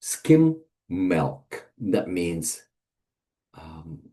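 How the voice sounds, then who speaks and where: Slow, deep-voiced man teaching vocabulary. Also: very animated, mellow. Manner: hesitant, many fillers, lists word pairs. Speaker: English teacher. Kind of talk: casual vocabulary lesson.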